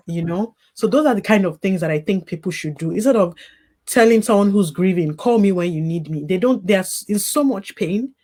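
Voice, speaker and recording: Her voice sits fairly low with a slightly mellow quality. Appearing as an interview guest, this grief recovery specialist opens up about her baby's death, thoughtful and sincere, sprinkling in "you know" asides.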